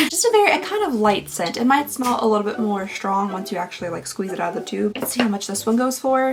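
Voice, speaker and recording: A young woman vlogging casually, chatty and thinking aloud with frequent giggles as she unboxes beauty products. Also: a little high.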